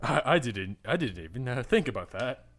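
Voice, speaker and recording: Animated, joking young man. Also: mid-range voice, moderate pace. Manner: joking, self-mocking, laughing often. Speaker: gaming channel host. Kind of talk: playthrough commentary reading a visual novel aloud.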